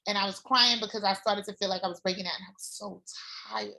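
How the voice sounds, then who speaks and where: A woman guest telling her own story in a casual chat, candid and animated, swearing freely. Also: medium pitch, fast, hardly any pauses. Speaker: former doula client, guest.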